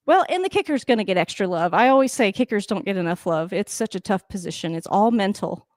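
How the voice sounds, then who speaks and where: A woman hosting a casual live football reaction, excitable and swearing, often laughing and talking straight to the coach. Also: medium pitch, quick pace, no echo, clean studio sound. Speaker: sports reaction host. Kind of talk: casual live game commentary.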